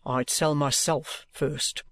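A man's voice: on the high side, steady tone, slow pace, fairly bright tone, dry recording. A man reading an audiobook, voicing a penitent old trooper who speaks in a subdued, apologetic way. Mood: rueful. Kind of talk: audiobook character voice.

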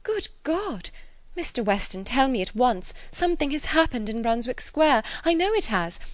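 A woman's voice: very animated, moderate pace, dry recording. A woman reading as an insistent, anxious young lady. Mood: alarmed. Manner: insistent, pleading, raised pitch. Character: anxious, spirited young gentlewoman.

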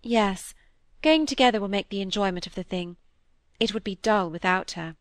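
A woman reading the part of a witty, playful young Victorian woman, light and teasing, a little higher in pitch. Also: moderate pace, dry recording, studio quality, close to an everyday voice. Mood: gentle. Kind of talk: audiobook character reading.

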